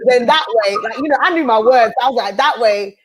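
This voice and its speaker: A woman's voice: fairly high pitch, quick pace, poor audio. A woman host and minister sharing a heartfelt personal testimony with an earnest, preaching cadence.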